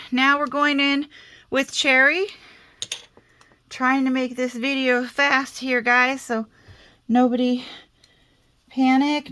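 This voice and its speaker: In a high, bright, forceful voice, a woman with a faint Southern American accent leads a relaxed crafting tutorial. Talkative and self-mocking, she narrates to herself as she goes.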